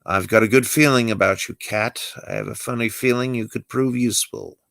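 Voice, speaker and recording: A man voicing a dry-witted exiled Jedi master with a sardonic, lively delivery. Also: medium pitch, a little fast, gravelly, dry recording. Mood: wry. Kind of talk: amateur script read-through.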